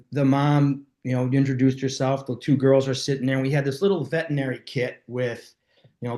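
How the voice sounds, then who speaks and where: A man hosting a live talk, telling stories in a lively, casual way and slipping into voices for the people in them. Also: medium pitch, reverberant. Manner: animated, acts out voices in his stories. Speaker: host. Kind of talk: casual storytelling to a live online audience.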